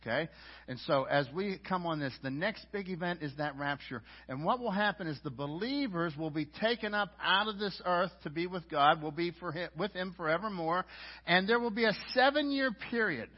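A middle-aged man preaching a sermon as a pastor, swinging between loud emphatic lines and quiet low asides. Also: expressive, normal speed. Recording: dull lo-fi audio.

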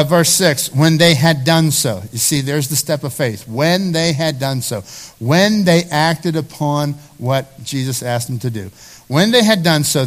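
A male pastor preaching a sermon. He speaks emphatically, repeats phrases for stress and talks straight to the congregation. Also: on the high side. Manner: conversational, addresses the congregation directly.

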